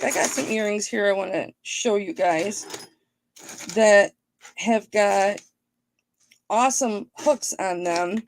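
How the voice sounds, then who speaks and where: A woman hosting a live online jewelry auction, chatting playfully with her viewers and thinking out loud. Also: fairly high pitch, a little hiss or hum. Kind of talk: casual live-stream auction patter.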